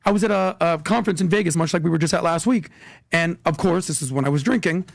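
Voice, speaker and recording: A man telling a story on a podcast as a guest, animated and acting out the quotes. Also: fairly high pitch, creaky, dry recording, clean studio sound. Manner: animated, rushed storyteller who acts out quotes.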